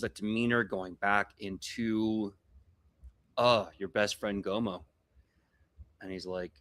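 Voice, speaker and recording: A man working as game master, narrating a live tabletop game in a relaxed, casual way. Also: on the low side, moderate pace.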